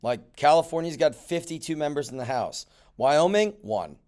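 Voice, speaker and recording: A man's voice: fairly high pitch, moderate pace, darkish tone, clear, resonant tone. A male teacher going over guided notes in a recorded classroom lesson, talking animatedly with mock-surprised asides. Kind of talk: classroom lecture video.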